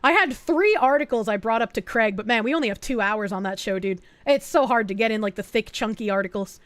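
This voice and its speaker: A woman streamer in casual chat, reading out viewer messages and thanking donors, swearing often and getting excited. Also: fairly high pitch, fairly quick, dry recording.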